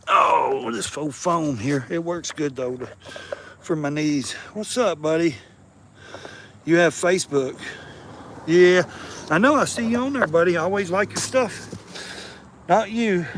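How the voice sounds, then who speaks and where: A man's voice: a little high, a bit bright, a little hiss or hum. Rambling, cussing man with a slight lisp. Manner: swears freely, rambling and joking, talks to live viewers. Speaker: motorcycle vlogger. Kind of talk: casual chat while wrenching.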